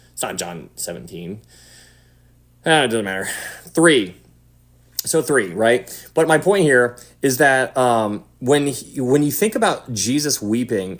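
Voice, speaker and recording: A man giving casual Bible teaching to an online audience. He talks in an animated way and drops to a hushed voice for emphasis. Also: medium pitch. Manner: animated, acts out quotes, drops to a hush for emphasis.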